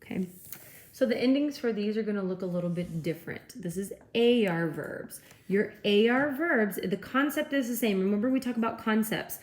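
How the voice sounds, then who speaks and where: A woman's voice: mid-range voice, normal speed, darkish tone. A woman teacher giving a classroom lecture, explaining step by step and checking in with frequent okays. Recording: echoey room, faint noise.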